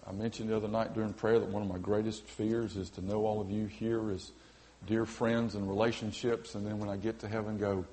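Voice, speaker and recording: A man preaching a sermon as pastor in a church, earnest and fervent, swinging from loud cries to quiet, personal appeals. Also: lowish voice, flat delivery, a little fast, few pauses. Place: church sanctuary with balcony.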